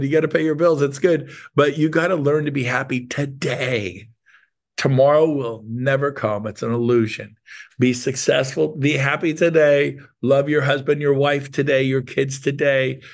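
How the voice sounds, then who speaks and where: A man in his fifties hosting a real estate sales meeting, giving an emphatic, emotional motivational talk and praising his guests. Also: mid-range voice. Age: 50s.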